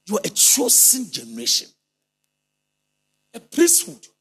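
A man preaching a sermon with fervor, leading the congregation in responses and breaking into shouted and sung phrases. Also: sits high, huge pitch swings, measured pace, slightly rough.

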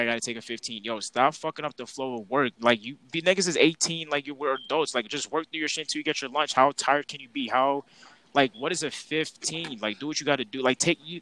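A man's voice: medium pitch, sharp tone, poor audio. A young man co-hosting a casual podcast, ranting in an exasperated, slang-heavy way about his coworkers. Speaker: podcast co-host.

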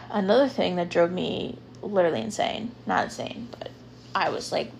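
A woman's voice: fairly low pitch, normal speed, vocal fry, slight background noise. A young woman hosting a podcast, talking casually and rambling with lots of filler words. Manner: chatty, rambling, lots of ums and likes. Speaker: podcast host. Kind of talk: casual solo podcast talk.

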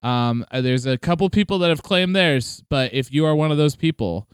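A chatty man co-hosting a podcast, his voice a bit higher than most and very clear. He laughs often and slides into playful put-on accents. The sound is dry and close. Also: expressive, moderate pace, dry recording. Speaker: podcast co-host. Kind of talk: casual chat.

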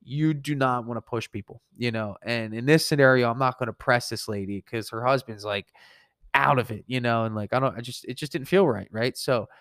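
Rambling podcast host, dry close sound. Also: male voice, medium pitch, a little fast, no echo. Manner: rambling, filler-heavy, animated retelling. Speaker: podcast host and painting contractor. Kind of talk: casual storytelling.

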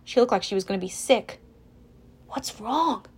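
A woman narrating an audiobook in first person, wry and expressive. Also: medium pitch, fast.

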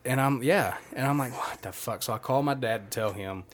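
A man's voice: mid-range voice, a little fast, a little hiss or hum. A young man telling a long, rambling, profanity-laced story to friends on a casual podcast. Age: young adult. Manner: profane, rambling anecdote with quoted dialogue. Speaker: podcast host.

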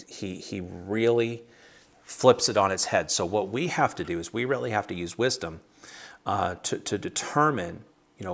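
A man with a fairly low voice teaches a small Bible study group over a video call. He speaks in a loose, conversational way, stumbling into restarts and filling pauses with "uh" and "you know.". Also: a bit bright. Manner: conversational, many restarts and fillers.

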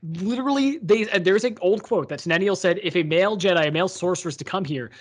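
A man's voice: sits high, quick pace. A man co-hosting a podcast, retelling a book's plot in a rambling, filler-heavy chat. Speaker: podcast co-host. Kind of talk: casual book discussion.

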